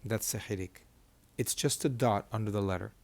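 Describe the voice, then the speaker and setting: A man's voice: on the low side, normal speed, vocal fry, a little mellow. A man teaching a Hebrew reading lesson at a board, patiently repeating key terms and asking checking questions. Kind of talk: whiteboard lesson.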